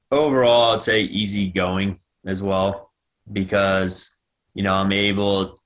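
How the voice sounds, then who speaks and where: A man's voice: low-pitched, a bit bright. An American man in his thirties, a guest athlete giving thoughtful answers in a casual podcast interview. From United States.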